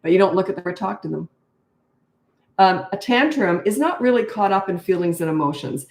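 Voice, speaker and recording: A woman's voice: expressive, brisk, a little mellow. An older woman coaching parents in a live question-and-answer session, direct and matter-of-fact. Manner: direct, matter-of-fact advice, acts out kids in high voices. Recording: echoey room.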